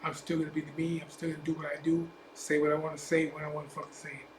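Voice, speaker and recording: A man's voice: on the high side, monotone, fast talker. A man with a Chicano English accent ranting bluntly to camera as a biker vlogger, profane and defiant with repeated asides. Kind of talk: blunt unscripted rant to camera. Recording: echoey room, faint background hum.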